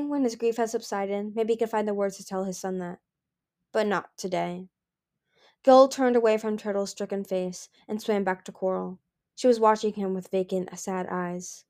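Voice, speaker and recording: A woman reading a fantasy novel aloud as amateur audiobook narration, in an expressive manner. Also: mid-range voice. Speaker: audiobook reader.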